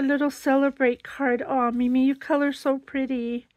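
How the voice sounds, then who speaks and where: A woman with a slightly high voice hosts a casual crafting vlog, chatting warmly and exclaiming over each little item she pulls out. Her sound is close and dry, with no room around it. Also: level tone, moderate pace, no echo. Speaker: crafting channel host.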